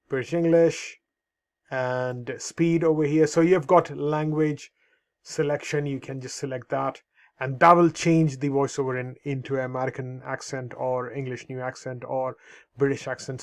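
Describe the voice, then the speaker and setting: Slow, filler-heavy male tutorial presenter. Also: medium pitch, creaky. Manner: unhurried, many fillers, repeats "over here". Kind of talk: screen-recorded software walkthrough.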